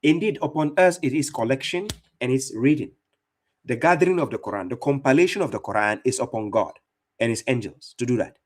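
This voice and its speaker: A man's voice: mid-range voice, expressive, a little fast. Fierce mocking male religious debater. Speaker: Islamic debater and streamer. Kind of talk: combative religious commentary.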